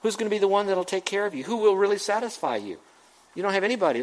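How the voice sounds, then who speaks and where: A man's voice: high-pitched, animated, rapid-fire, poor audio. A man, a pastor, preaching a sermon to his church, earnest and exhorting, pressing the listeners with repeated questions.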